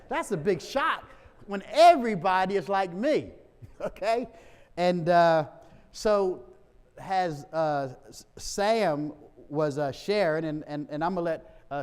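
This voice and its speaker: A male pastor speaks slowly in a smooth, resonant, somewhat high voice. He tells his congregation about a mission trip in a relaxed, chatty way, breaking into laughing asides. The sound carries a long church reverb. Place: church sanctuary.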